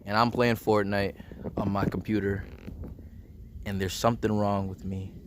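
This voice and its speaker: A man's voice: lowish voice, little pitch movement, moderate pace, noisy background. A young man talking in a casual, rambling personal monologue, full of slang and filler words. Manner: slangy, rambling, says bro and dude a lot. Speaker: self-improvement vlogger.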